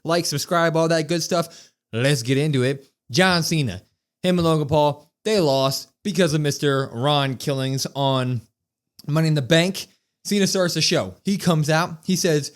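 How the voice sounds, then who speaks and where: A man co-hosting a podcast, recapping wrestling in a casual, excitable way and acting out quotes with emphasis. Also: fairly high pitch, normal speed. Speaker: podcast co-host.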